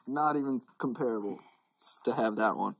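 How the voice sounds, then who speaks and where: A husky-voiced woman chatting casually on a house tour, tossing out quick questions and casual swears. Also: very deep voice, low-quality recording. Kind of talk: casual chat.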